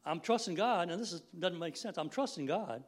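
A man's voice: high voice, lively intonation, brisk. A man in his sixties giving a folksy, rambling church sermon, laughing now and then. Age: 60s. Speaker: lay preacher.

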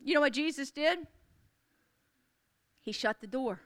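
A woman's voice: sits high, animated, unhurried. A woman preaching a sermon to a congregation, declaring with rising emphasis and repeated calls.

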